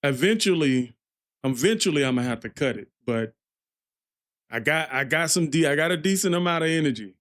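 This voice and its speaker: A man's voice: a little high, animated, brisk, fairly bright tone. A man hosting a music reaction livestream, chatting casually with viewers and laughing often. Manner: laughs often, loose and playful; talks to viewers directly.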